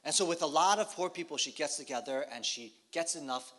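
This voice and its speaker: A man's voice: a little high, expressive, fairly bright tone. Man telling a sermon story. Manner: storytelling, pausing for the interpreter. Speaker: preacher. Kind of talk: sermon with live interpretation.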